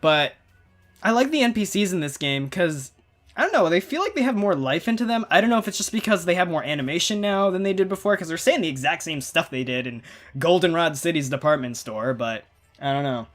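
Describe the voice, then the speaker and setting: A man's voice: a little high, animated, brisk, a bit bright. A man giving casual, rambling commentary while playing a game, often breaking off and restarting his thoughts. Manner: rambling, chatty, self-interrupting. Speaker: gaming channel host. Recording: faint game music behind.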